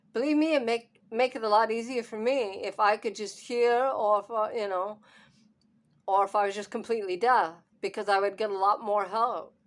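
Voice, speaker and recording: Hard-of-hearing woman, holding back tears. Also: medium pitch. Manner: upset, holding back tears, nervous laughter. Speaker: vlogger. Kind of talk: emotional personal vlog.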